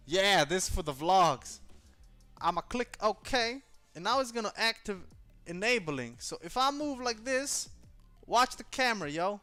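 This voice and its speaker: A man vlogging casually at home, talking aloud as he tries out a camera gimbal. He speaks in a loose, slangy, profane way and gets excited easily. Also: sits high, unhurried, soft background music. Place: indoors at home.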